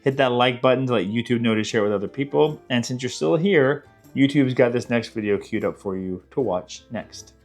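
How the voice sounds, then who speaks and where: A man's voice: medium pitch, a little fast, few pauses, soft background music. A man hosting a cooking channel, giving friendly, chatty tips and talking straight to viewers. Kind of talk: casual cooking tutorial.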